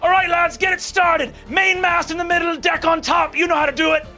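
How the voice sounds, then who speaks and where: Man doing a booming, hearty pirate captain. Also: flat delivery, fairly quick, pushed and bright, shouting, soft background music, exaggerated voice. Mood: boisterous. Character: boisterous dead male pirate captain, proud father.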